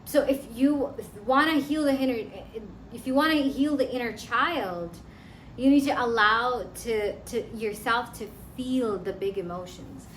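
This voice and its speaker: A woman's voice: on the high side, a little slow, fairly bright tone, slight background noise. Earnest woman coach in an echoey room. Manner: earnest, conversational, repeats herself. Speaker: self-help coach. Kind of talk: instructional talk to camera. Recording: echoey room with faint ambience.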